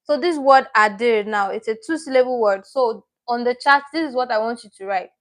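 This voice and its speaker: A woman's voice: on the high side, a little fast. Chatty woman teaching a live class. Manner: chatty, repeats and corrects herself; reads out viewers' names and comments. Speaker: online Korean teacher. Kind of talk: live-stream lesson.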